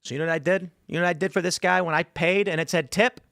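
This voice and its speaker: A male host with a somewhat high voice rambles through a story and slips into the voices of the people in it. He talks fast at times. The sound is dry and close, with no room around it. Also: steady tone, gravelly, a bit bright, dry recording. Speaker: show host. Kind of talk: casual studio chat. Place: studio.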